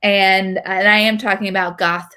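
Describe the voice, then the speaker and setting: A woman in her thirties from North Carolina, hosting and telling a story in casual chat, animated and full of fillers. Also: mid-range voice, moderate pace, clean tone. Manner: animated, chatty, with frequent fillers. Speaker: host.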